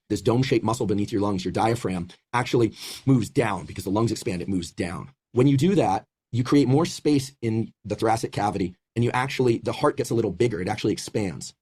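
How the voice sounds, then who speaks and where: A man who works as a scientist, explaining breathing physiology in a steady lecturing manner. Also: fairly low pitch, breathy edge.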